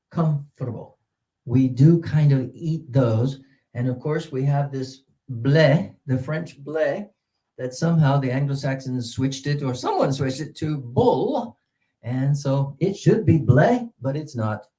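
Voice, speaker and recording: A man's voice: on the high side, darkish tone, poor audio. A middle-aged man giving a presentation to teachers, explaining pronunciation with many fillers and repeated example words. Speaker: teacher trainer.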